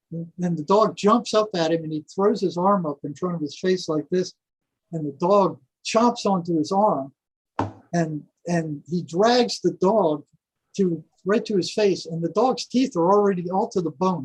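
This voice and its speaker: An older man, a podcast guest, telling stories in a casual, animated way, often repeating words and chuckling. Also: fairly high pitch, husky, rough recording. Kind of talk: casual storytelling.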